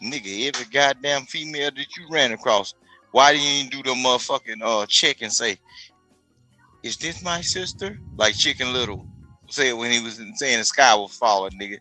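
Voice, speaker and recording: Bright-voiced man in profane chat. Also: mid-range voice, brisk, faint music behind, low-quality recording. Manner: profane, streetwise storytelling. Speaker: podcast guest. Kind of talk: casual chat.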